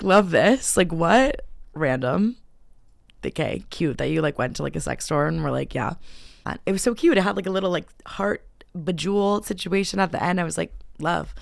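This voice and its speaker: Gravelly low-voiced young woman, casual. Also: dry recording, clean studio sound. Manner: animated storytelling, heavy "like" filler, swearing. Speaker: podcast host. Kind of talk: casual chat. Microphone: camera and close mic.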